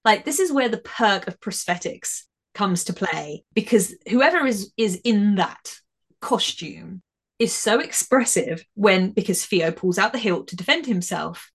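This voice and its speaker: A woman's voice: mid-range voice, unhurried, breathy edge. A woman co-hosting a podcast, chatting casually and with animation as she reviews a TV episode, often restarting her sentences. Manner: chatty, animated, trails off and restarts, laughs easily. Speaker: podcast co-host.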